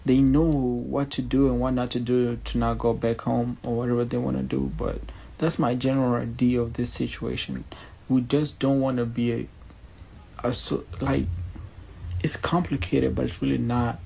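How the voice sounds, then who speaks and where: A man giving a casual, rambling explanation in a flat tone. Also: mid-range voice, normal speed, vocal fry, slight background noise, poor audio.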